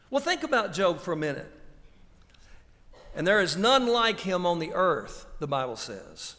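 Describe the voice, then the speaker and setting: A man preaching a sermon, slow and emphatic, drawing out the scripture he quotes. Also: high-pitched, expressive, fairly bright tone. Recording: long hall reverb.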